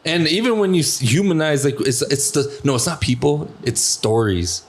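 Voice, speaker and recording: A man's voice: on the high side, animated, normal speed. A young man hosting a podcast, telling stories in a rambling, profane way full of fillers. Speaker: podcast host. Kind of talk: casual podcast chat.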